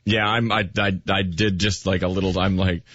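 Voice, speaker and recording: A man's voice: low voice, normal speed, no room sound. A male radio host telling a story in casual banter, acting out the lines he quotes. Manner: animated storytelling, acts out quotes. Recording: dry, slightly dull radio studio mic.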